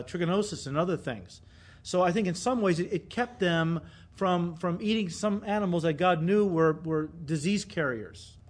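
A pastor preaching a sermon, animated and emphatic, acting out quoted voices with sudden loud bursts. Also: male voice, on the high side.

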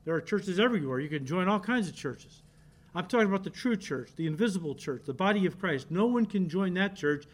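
A man's voice: sits high, animated, a little fast. A male pastor preaching a sermon, emphatic and direct with the congregation, repeating key words for stress.

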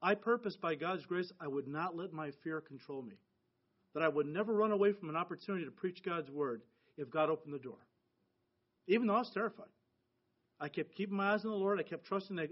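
A middle-aged American man delivers a sermon to his church, his high-pitched voice animated, brisk and slightly rough. He is a pastor speaking earnestly and conversationally, and the audio sounds dull and lo-fi.

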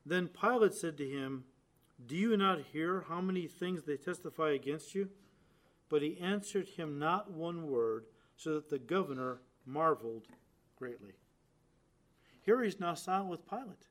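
A man preaching a sermon, stressing phrases loudly and dropping to quiet, low endings, turning to the listeners and acting out quoted lines. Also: animated, a little slow. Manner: addresses listeners directly, acts out quoted lines.

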